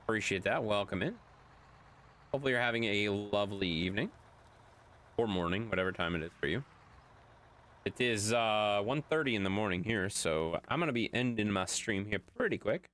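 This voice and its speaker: Chatty streamer man with a lively voice. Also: lowish voice, a little fast. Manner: chatty, reads chat aloud, swears for effect. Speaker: game streamer. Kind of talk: casual live-stream chat reading.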